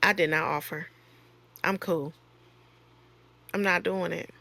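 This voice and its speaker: A woman's voice: lowish voice, fairly even intonation, slow pace, creaky, pushed and bright. A woman nurse and course creator talking frankly in a casual storytelling monologue, her voice rising sharply when she retells exchanges.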